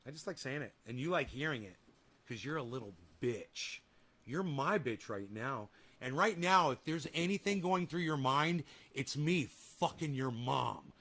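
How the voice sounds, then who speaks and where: A man's voice: mid-range voice, expressive, a little slow, a bit bright. A man hosting a casual livestream, reading viewer comments and trash-talking in a crude, taunting way. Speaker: livestream host.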